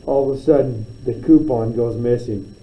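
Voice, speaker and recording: A man's voice: medium pitch, moderate pace, warm tone, poor audio. A man teaching a math class, spinning playful, teasing story problems about his students.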